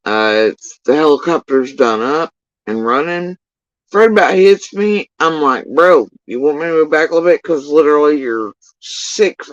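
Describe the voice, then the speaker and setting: A man telling a story in casual livestream talk, rambling and swearing, with sudden high bursts when he quotes people. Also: no echo, highs cut off. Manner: profane, rambling, animated when quoting others. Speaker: livestream talker.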